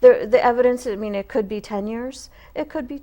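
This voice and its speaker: A woman's voice: a little high, fairly quick, dark tone. A woman guest on an interview show, speaking for a support organization in an earnest, emphatic way. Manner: earnest and emphatic, stresses key points. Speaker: guest, association representative. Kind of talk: casual interview.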